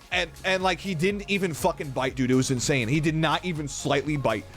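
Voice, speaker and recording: A man's voice: fairly high pitch, fairly quick, hardly any pauses, fairly bright tone, soft background music. A man streaming a game while telling a story in a rambling, profane way, full of "dude" and "like". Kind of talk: casual storytelling while gaming.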